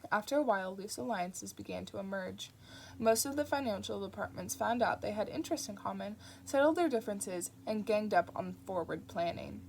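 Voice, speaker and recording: A woman narrating an audiobook in a steady, plain reading voice. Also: medium pitch, a little fast, creaky, a little hiss or hum. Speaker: audiobook reader.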